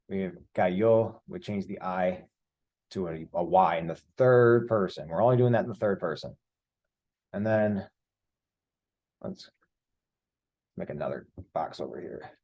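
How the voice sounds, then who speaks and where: Male language teacher, lowish warm voice, patient step-by-step explainer for a screen lesson. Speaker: Spanish teacher. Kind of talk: screen-share grammar lesson.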